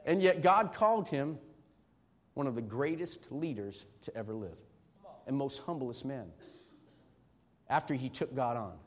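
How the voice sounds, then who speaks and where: A middle-aged man preaching a sermon as pastor, emphatic and swinging from shouting to hushed tones. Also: medium pitch, expressive, unhurried, long pauses.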